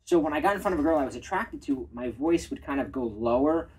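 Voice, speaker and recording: A man's voice: a little high, animated, quick pace, darkish tone, breathy edge, rough recording. A man, a dating coach, giving advice in an earnest, confessional way in a casual conversation.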